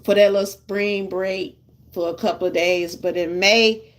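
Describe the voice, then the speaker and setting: An older woman with a Southern US accent talks straight to her viewers in a relaxed, chatty way. Her voice sits at a middle pitch, and she laughs often between her stories. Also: a little slow. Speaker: vlogger chatting with live viewers. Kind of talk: casual live-stream chat.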